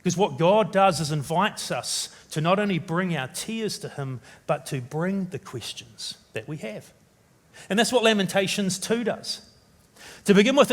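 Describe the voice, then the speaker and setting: A high-pitched male pastor from New Zealand delivers a sermon in an earnest, searching tone. He grows dramatic and rises sharply in pitch and volume when he voices the desperate questions of the scripture's writer. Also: fairly bright tone.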